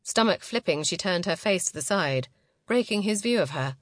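A woman reading a novel aloud as narrator, in a measured, close and intimate way. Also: on the low side, expressive, dry recording. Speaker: audiobook narrator. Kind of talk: scripted narration.

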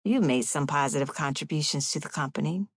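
A curt, scripted male boss gives his verdict in quick, flat, businesslike words, as a woman reads him in her own low voice. The sound is dry and close, with no room around it. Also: husky, no room sound. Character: brisk male corporate boss, cold and scripted.

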